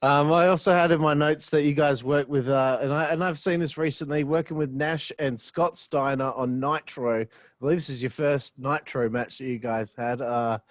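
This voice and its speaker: A man of medium pitch asks questions from his notes, pausing on fillers. The recording is dry and close. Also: steady tone, no room sound. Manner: reads from notes, hesitant fillers. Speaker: podcast host. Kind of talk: interview questions.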